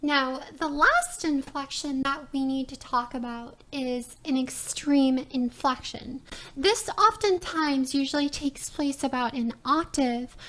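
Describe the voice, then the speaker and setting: High-voiced woman teaching, slow and methodical. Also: fairly bright tone. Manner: methodical, explanatory, checks in with "all right" and "right?". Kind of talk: recorded lecture presentation.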